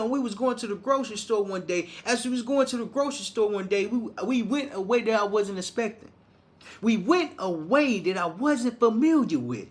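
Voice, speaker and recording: A man's voice: high-pitched, fairly bright tone. A man from Arkansas, giving a motivational monologue in a preachy, repetitive way with many restarts. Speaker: motivational speaker.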